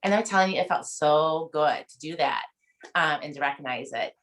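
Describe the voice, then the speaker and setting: A book club member in her forties leads the discussion over a video call, speaking at a moderate pace in a slightly low, somewhat bright voice. Sharing a personal memory casually and from the heart, she rambles, starts over and frequently gets choked up.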